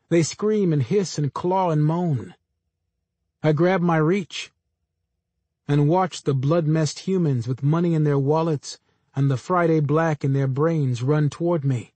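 Dry, measured male audiobook narrator. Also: a little high, dark tone, dry recording. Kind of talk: first-person literary narration.

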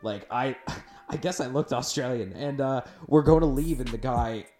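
A man's voice: medium pitch, normal speed, a little mellow, soft background music. A young Canadian man hosting a podcast, telling rambling stories in casual chat and laughing often. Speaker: podcast host.

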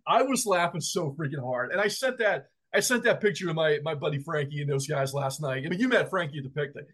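A man co-hosting a wrestling podcast, telling stories in an animated way and laughing often. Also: a little high, fast. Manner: animated, laughing, emphatic storyteller. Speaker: podcast co-host. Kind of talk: casual chat.

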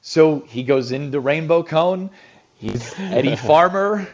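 A radio host telling a casual anecdote, an animated storyteller with frequent restarts, heard on a radio clip. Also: male voice, on the high side, slow, highs cut off.

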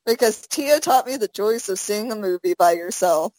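A woman's voice: mid-range voice, animated, moderate pace, darkish tone, no echo, poor audio. A young adult woman co-hosting a podcast in casual chat, rambling with fillers and laughing often. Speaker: podcast co-host.

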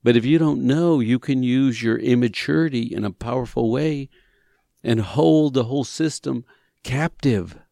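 A man's voice: medium pitch, moderate pace, vocal fry, no room sound, clean studio sound. A man who leads men's retreats, explaining ideas conversationally, acting out little dialogues and hammering points with repetition. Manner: animated, acts out dialogue, rising emphasis, repeats phrases. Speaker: counselor leading men's retreats. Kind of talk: conversational teaching on a talk show.

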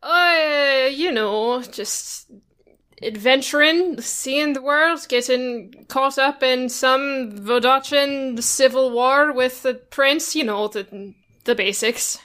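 A woman's voice: sits high, takes it slowly, a bit bright, clean tone. A woman playing her character in a tabletop game, playful and wry. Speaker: player. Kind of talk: casual role-play.

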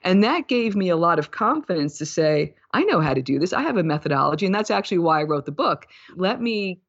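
A woman's voice: lowish voice, big pitch swings, brisk. A woman in her fifties talks thoughtfully about her path as a wellness coach, with now and then a light laugh at herself. The sound is lo-fi and muffled. There is no room echo at all. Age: 50s. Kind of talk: reflective interview storytelling. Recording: dull, lo-fi, dry sound.

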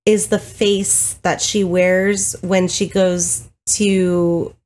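A woman's voice: lowish voice, flat delivery, extremely slow, darkish tone. A woman co-hosting a podcast, chatting casually, retelling scenes and laughing easily. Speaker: podcast co-host. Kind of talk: casual chat.

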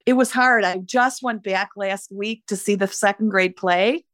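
A retired woman teacher in her sixties, reflecting warmly and emotionally in a conversational interview. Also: mid-range voice, a little slow, no room sound, clean studio sound. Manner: warm, emotional, laughs easily. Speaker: retired teacher, podcast guest.

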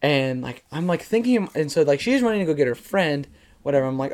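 A young man chatting casually as a podcast co-host, an animated storyteller who fills his talk with slang and "like". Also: fairly high pitch, quick pace. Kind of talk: casual chat.

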